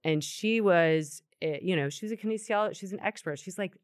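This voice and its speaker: Smooth-voiced woman talking anatomy. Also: lowish voice, brisk, no room sound, studio quality. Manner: explains anatomy in a chatty, animated way. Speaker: yoga co-host answering questions. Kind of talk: casual podcast chat.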